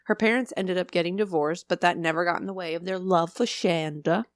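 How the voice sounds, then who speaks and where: A woman's voice: on the low side, fairly even intonation, fairly quick, dry recording, studio quality. A young woman co-hosting a casual podcast, joking, swearing and teasing as she chats. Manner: swearing, laughing, teasing banter. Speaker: podcast co-host. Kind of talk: casual chat.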